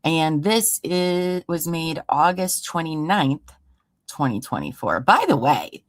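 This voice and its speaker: A woman with a low, deep voice reads an investigative report aloud to her stream audience. She breaks off into sarcastic, exasperated asides. The sound is close and dry, with no room echo. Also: big pitch swings, takes it slowly. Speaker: true crime livestream host. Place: home room.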